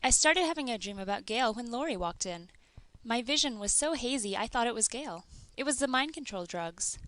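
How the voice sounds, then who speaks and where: A woman's voice: a little high, expressive, moderate pace, a bit bright, voice pushed up. A woman reading as a shaken, tearful man.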